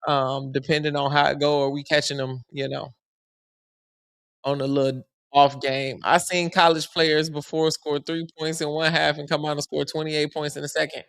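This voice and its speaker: High-voiced, animated male sports streamer. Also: moderate pace, gravelly, no echo. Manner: animated, joking, slangy and conversational. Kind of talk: casual live-stream sports commentary.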